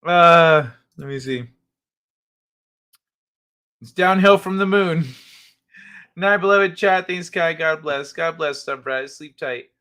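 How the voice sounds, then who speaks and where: A man's voice: fairly high pitch, slow, long pauses, bright, forceful tone, clean tone. A man hosting a casual late-night livestream, reading headlines aloud, swearing freely and laughing often. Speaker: livestream host.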